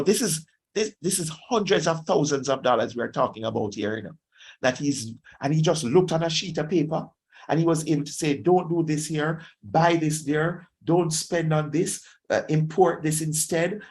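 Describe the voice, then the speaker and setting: Jamaican man preaching, slightly high voice. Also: vocal fry. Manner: exhorting, slips into Jamaican Patois phrases. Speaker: pastor. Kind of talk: sermon.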